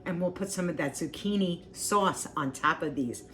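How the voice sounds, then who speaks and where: A woman's voice: fairly low pitch, moderate pace, fairly bright tone, a little hiss or hum. A woman hosting a casual cooking vlog, homey and talkative, repeating herself and humming as she tastes. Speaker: cooking vlogger.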